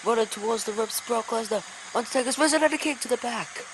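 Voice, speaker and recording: An excitable woman calls wrestling play-by-play in a fairly high voice, breaking into sudden exclamations. A steady hiss sits under the recording. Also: fast talker. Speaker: commentator. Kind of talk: play-by-play wrestling commentary over a video game.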